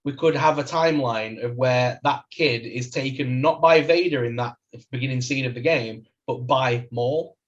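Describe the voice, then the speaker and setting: A man's voice: medium pitch, normal speed, hardly any pauses. A man co-hosting a fan podcast, speculating eagerly and laughing as he talks. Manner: excited, speculative, laughs a lot. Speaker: podcast co-host. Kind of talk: casual chat. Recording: dull lo-fi sound.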